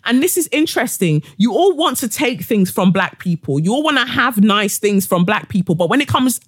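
A woman's voice: mid-range voice, very animated, a little fast, hardly any pauses, slightly rough, dry recording, clean studio sound. A woman hosting a solo podcast, ranting heatedly with profanity and sarcasm. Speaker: podcast host.

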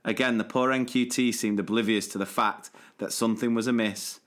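A man's voice: lowish voice, fairly even intonation, a little fast, fairly bright tone. A man co-hosting a podcast, chatting casually and reading listener stories aloud with playful emphasis. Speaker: podcast co-host.

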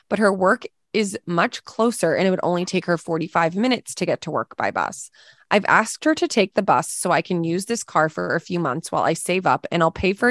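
A woman co-hosting a podcast chats casually, swearing and laughing often, and reads a listener's post aloud. Her voice is lowish, and the recording is dry and studio quality.

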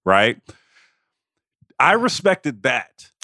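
A man's voice: mid-range voice, very animated, extremely slow, sharp tone, dry recording, clean studio sound. A man co-hosting a podcast, telling a sports story in casual chat with lots of repeated phrases. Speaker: podcast co-host.

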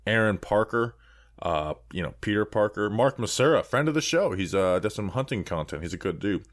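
A man's voice: fairly low pitch, animated, fairly quick, dry recording, clean studio sound. A man co-hosting a casual sports podcast, joking and riffing while he reads through a list of names. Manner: jokey, riffs on names while reading a list. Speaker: podcast co-host.

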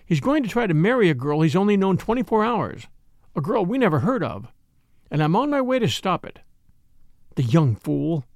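A man reading a novel aloud and voicing a brisk, impatient young gentleman who talks emphatically. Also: high voice, very animated, no echo. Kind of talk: audiobook character voice.

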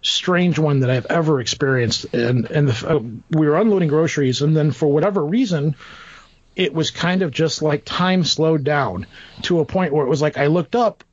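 A man's voice: on the high side, moderate pace, no echo. A middle-aged man telling a personal story in a rambling, casual way, acting out the voices of people he quotes. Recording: dull dry lo-fi recording.

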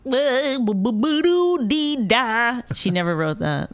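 A woman co-hosting a relaxed comedy talk show, with a gravelly edge to her voice. She speaks in a dry, teasing way. The sound is close and dry. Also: low voice, moderate pace, no room sound. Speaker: co-host. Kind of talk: casual chat.

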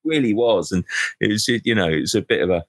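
A male host runs a casual football panel in a lowish voice. He talks fast and passes the floor to his guests. The recording is dry and close. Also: expressive, dry recording. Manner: quick, reflective, hands the floor to guests. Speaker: podcast host.

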